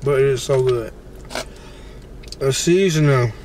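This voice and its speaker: A man who is a blogger, ranting casually and excitedly as he eats on camera, breaking into exclamations between bites. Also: mid-range voice, slow pace, slight background noise. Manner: animated, exclamatory, chatty, talks between bites. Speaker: celebrity blogger and vlogger. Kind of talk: casual rant while eating on camera.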